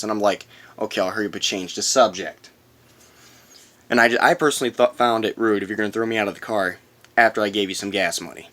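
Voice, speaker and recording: A man's voice: fairly low pitch, fairly even intonation, fast talker, fairly bright tone. A man rambling through a casual storytime vlog, bluntly retelling a work story and swearing now and then. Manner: rambling, repeats himself, talks in run-on quotes. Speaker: vlogger.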